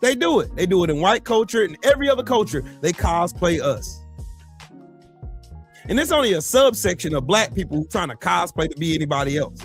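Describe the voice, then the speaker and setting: A man's voice: high-pitched, big pitch swings, fairly quick, faint music behind. A man co-hosting a podcast, giving blunt, profane and mocking political commentary. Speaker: podcast co-host.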